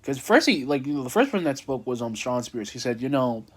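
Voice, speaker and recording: A man's voice: medium pitch, very animated, fast talker. A young man casually recapping a wrestling show, rambling with many fillers and restarts.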